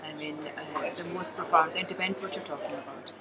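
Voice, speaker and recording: Scottish woman comic, animated and emphatic, slightly low voice, busy crowd in the background. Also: quick pace, low-quality recording. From Scotland. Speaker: comedian. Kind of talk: casual interview chat.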